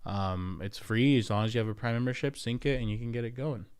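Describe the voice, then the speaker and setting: A man with an American accent chats casually on his livestream, reading comments aloud and wandering between topics with plenty of ums. His voice is smooth and resonant at a middle pitch. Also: brisk, darkish tone. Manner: rambling and conversational, answering chat with frequent fillers. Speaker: livestream host and real estate agent.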